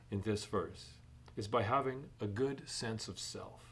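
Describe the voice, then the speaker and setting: A middle-aged man pastor preaching a sermon in a measured way, rising in emphasis on key points. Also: on the low side, animated.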